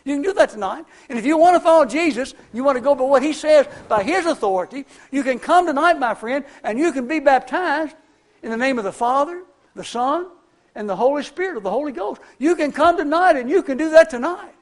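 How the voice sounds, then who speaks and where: High-voiced older preacher, folksy drawl. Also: male voice, animated, brisk. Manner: folksy, storytelling, warm conversational preaching. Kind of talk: sermon with personal stories.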